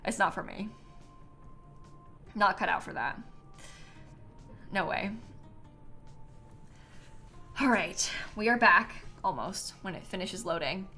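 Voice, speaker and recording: Young woman, live-stream gameplay chatter, tired, lively pitch, faint music behind. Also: takes it slowly, long pauses. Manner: chatty, laughs often, many ums and likes. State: tired, yawning.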